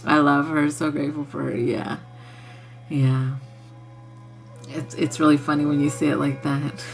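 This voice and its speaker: A woman's voice: low voice, flat delivery, measured pace, long pauses, faint music behind. A woman hosting a casual spiritual livestream who laughs often and swears freely in a loose, playful way. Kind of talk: casual chat with viewers.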